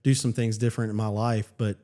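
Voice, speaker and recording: A man, a pastor, telling his personal story in casual conversation, earnest and halting with many restarts. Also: lowish voice, level tone, warm tone. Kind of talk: personal testimony in casual chat.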